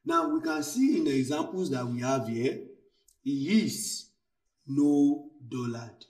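A man teaching a literature lesson, who speaks slowly and repeats key phrases and examples. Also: mid-range voice, lively intonation, far from the mic. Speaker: literature tutor. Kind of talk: recorded lesson. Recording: echoey room, voice from afar.

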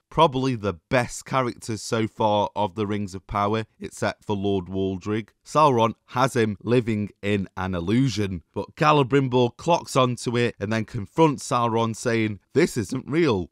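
A man's voice: mid-range voice, no echo, clean studio sound. A man giving a sarcastic, exasperated review monologue, swearing often as he rants. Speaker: TV show reviewer.

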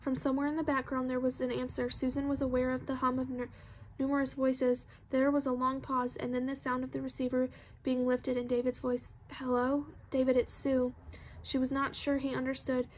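High, flat-voiced woman reading a novel. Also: brisk. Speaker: audiobook reader. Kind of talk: scripted novel narration.

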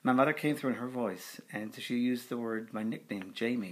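A middle-aged man, a spiritual medium, recounting a memory in a relaxed conversational way with frequent fillers. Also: mid-range voice, fairly quick, hardly any pauses, a little hiss or hum. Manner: conversational, with fillers, acting out quoted voices. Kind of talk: video testimonial storytelling.

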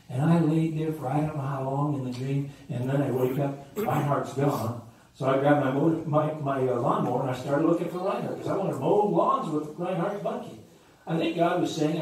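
A man's voice: medium pitch, a little mellow. A man preaching a sermon as pastor, telling stories and rising and falling in emphasis. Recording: echoey room from far off with faint ambience.

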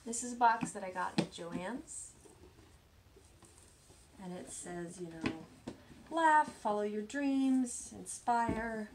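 A woman hosting a knitting podcast, chatting casually as she shows her projects, self-deprecating and often dropping into soft asides. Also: mid-range voice, takes it slowly, long pauses, noisy background. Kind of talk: casual show-and-tell chat.

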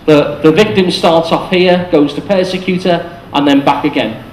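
Man, fairly high voice, chatty explaining tone, public talk in an echoey cafe room. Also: moderate pace, slight background noise. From England. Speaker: speaker. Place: cafe venue with audience.

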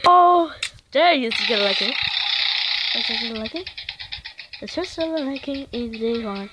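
A woman giving excited commentary over her mobile game, squealing at wins and humming along as she plays. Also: on the high side, normal speed, long pauses. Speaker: gameplay narrator. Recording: noisy home recording.

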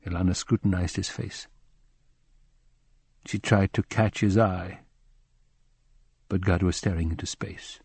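Guy reading a novel aloud, solemn and measured, low husky voice, dry close mic. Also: fairly even intonation, a little mellow, dry recording. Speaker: audiobook narrator. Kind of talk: scripted literary narration.

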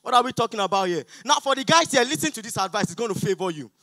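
A young Nigerian man with a Nigerian accent doing a stand-up comedy set on an auditorium stage, loud, pleading and mock-outraged with the crowd. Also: very high-pitched, lively intonation, rapid-fire, no room sound. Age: young adult.

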